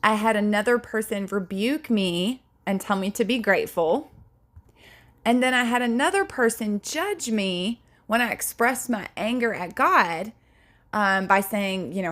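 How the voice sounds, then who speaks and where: A woman gives an earnest Bible teaching talk at an unhurried, measured pace. Her middle-pitched voice is deliberate and compassionate. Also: lively intonation, fairly bright tone.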